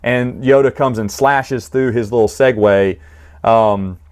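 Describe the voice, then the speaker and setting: Guy rambling through a comic recap, mid-pitched voice, lots of uhs and laughs. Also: takes it slowly. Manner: chatty, laughs often, frequent restarts and fillers. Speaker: book series reviewer. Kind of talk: casual spoken recap.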